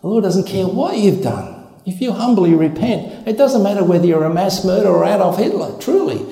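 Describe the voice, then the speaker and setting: A man's voice: high voice, big pitch swings, brisk, creaky, dark tone. A man preaching a sermon in an emphatic, conversational way, with laughs and acted asides. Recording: echoey hall.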